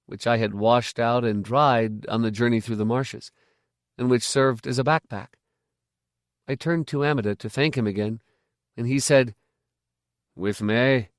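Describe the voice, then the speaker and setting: A man narrating a first-person novel in a measured, reflective way. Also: medium pitch, no room sound, clean studio sound. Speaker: audiobook narrator.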